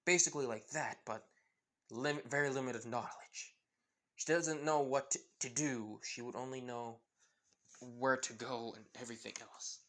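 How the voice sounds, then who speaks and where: A man improvising a fan-made story out loud, in a rambling, casual way with frequent chuckles. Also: medium pitch, fairly even intonation, normal speed.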